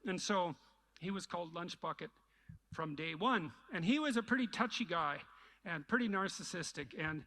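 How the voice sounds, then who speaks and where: A man's voice: sits high, animated, moderate pace, bright, forceful tone. A man in a played interview clip, recounting old work stories in a reflective way. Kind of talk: storytelling in an interview.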